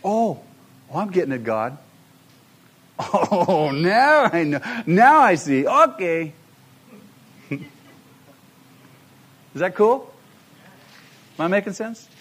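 Preacher man, slightly high voice. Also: very animated, slow pace, long pauses, a bit bright, slightly rough. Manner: emphatic, rhetorical questions to the congregation. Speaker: pastor. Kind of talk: sermon.

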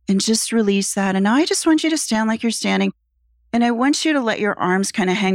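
A woman's voice: medium pitch, brisk, dry recording, clean studio sound. Playful woman coaching a body exercise. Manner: playful, coaching, lively instructions. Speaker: psychotherapist guest. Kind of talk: guided body exercise in conversation.

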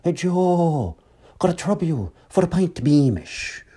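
A man's voice: on the high side, sing-song, unhurried, warm tone, slightly rough, pitched above the performer's own voice, full character voice. A man imitating a jovial Irishman who coaxes a friend for a pint, in a sing-song put-on Irish brogue. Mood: coaxing. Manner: sing-song, coaxing, repetitive. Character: jovial Irish man in a pub, politely pestering for beer.

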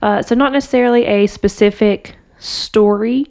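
A woman's voice: medium pitch, steady tone, moderate pace, a little mellow. A woman co-hosting a podcast in casual chat, chatty and good-humored as she leads the topic. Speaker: podcast co-host.

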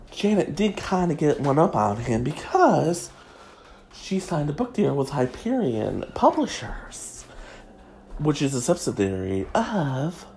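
Slow, animated Kentucky woman gossiping. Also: low-pitched, slight background noise. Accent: Kentucky Southern US. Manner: crude, sassy, drawn-out emphasis. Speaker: celebrity gossip host. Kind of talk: comedic gossip monologue.

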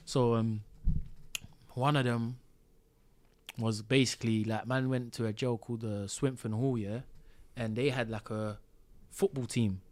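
A man chatting as a guest on a podcast, telling his story in loose, slang-filled speech. He acts out the voices of the people in it with lively energy. His pitch sits at an ordinary middle height for a man. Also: measured pace, pauses often. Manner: slang-heavy, animated storyteller acting out quotes. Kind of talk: casual storytelling chat.

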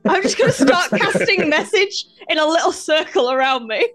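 A woman with a very high, bouncy voice plays her character at the table, tumbling over her words and gushing as she goes. Soft music sits faintly behind her. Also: sing-song, normal speed. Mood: flustered. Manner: flustered, rambling, effusive. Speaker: player. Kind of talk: in-character play at a tabletop game.

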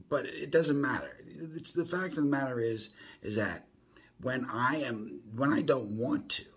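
A man's voice: lowish voice, breathy edge. A man hosting a podcast from his home, rambling through a profane, casual monologue full of restarts. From South Florida. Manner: animated, rambling, swears constantly, restarts often. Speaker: podcast host.

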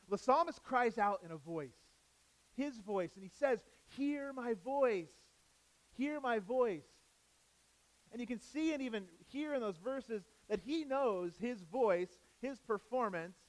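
A man preaching a sermon, repeating key phrases for emphasis and asking the congregation rhetorical questions, swinging between loud emphatic lines and soft low asides. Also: expressive, unhurried, poor audio. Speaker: pastor.

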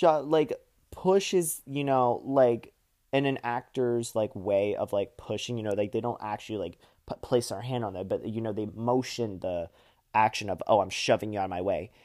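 A man's voice: medium pitch, a little mellow. A young man hosting a podcast, telling backstage stories in a casual, rambling way with lots of filler words. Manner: rambling, heavy on fillers like "like" and "you know". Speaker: podcast host.

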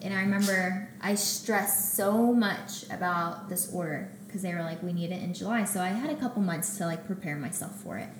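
A young woman telling her story as a guest in a casual interview, acting out her own quotes with animated energy. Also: lowish voice, moderate pace, few pauses, noisy background. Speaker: guest, baker and business owner. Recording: echoey room with faint ambience.

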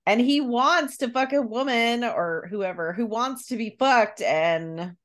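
A woman co-hosting a podcast in casual chat, reading book excerpts with laughter. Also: on the high side. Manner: slow, animated, laughing readings. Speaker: podcast co-host.

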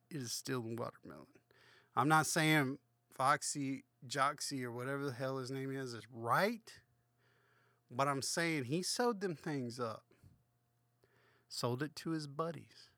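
A man's voice: mid-range voice, pushed and bright, no echo, studio quality. A slightly drunk man hosting a comedic read-aloud of a children's book, rambling through crude, swearing asides. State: a little drunk. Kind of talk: comedic book reading with commentary.

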